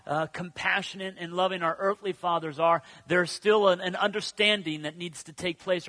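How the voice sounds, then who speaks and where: A male pastor with a high, bright voice delivers a sermon. He stretches his key words out slowly and moves from ringing declarations down to soft, almost whispered passages. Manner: swings from loud declarations to hushed near-whispers; slow, drawn-out emphasis on key words.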